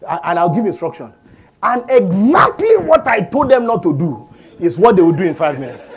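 Man preaching a lively sermon, high pitched, lots of amens back and forth. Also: a little fast. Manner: animated preaching with call-and-response. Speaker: pastor.

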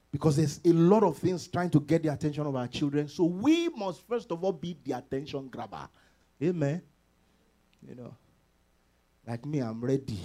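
A man preaching a sermon as pastor, animated, laughing often and acting out quoted voices. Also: a little high.

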